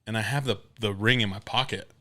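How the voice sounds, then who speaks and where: Brief: male podcast co-host, late 20s, deep-ish and profane, lively storyteller. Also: fairly quick. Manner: profane animated storyteller, acts out others' voices. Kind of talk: casual podcast chat.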